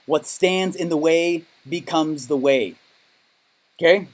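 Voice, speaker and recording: A man giving an energetic motivational training talk as a business coach, emphatic and checking in with his audience often. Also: slow pace. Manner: high-energy, emphatic, keeps asking "okay?".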